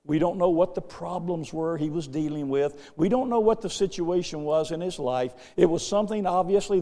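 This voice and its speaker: An older male pastor delivers a sermon in a fairly high, mellow voice. He repeats words and phrases, his volume swelling and sinking. The sound carries the long reverb of a church hall.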